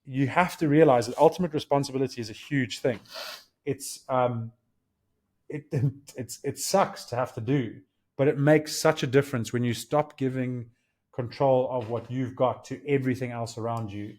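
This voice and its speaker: In a casual podcast conversation, this thirtysomething co-host works through ideas earnestly, like a coach, acting out small quoted exchanges. He speaks at normal speed in a steady, darkish, mid-pitched voice.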